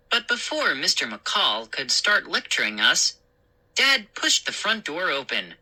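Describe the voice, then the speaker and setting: A woman reading a children's story aloud in an expressive, unhurried way. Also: deep voice, rough recording.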